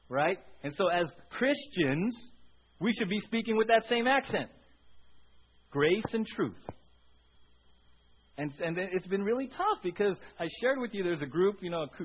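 Male pastor, high and husky, conversational sermon with lots of "right?", dull lo-fi recording. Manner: conversational, frequent "right?" asides to the congregation.

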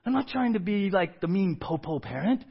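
A man's voice: high-pitched, lively intonation, normal speed, gravelly, slightly rough, lo-fi sound. A male pastor preaching a conversational sermon, often checking in with the congregation.

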